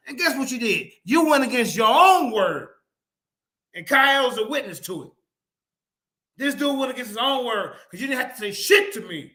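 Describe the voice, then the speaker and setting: A man's voice: high-pitched, lively intonation, normal speed, pushed and bright. A man on an online debate panel, angrily and profanely calling out a rival in a confrontational, repetitive way. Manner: repetitive, emphatic call-outs. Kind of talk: heated online panel argument.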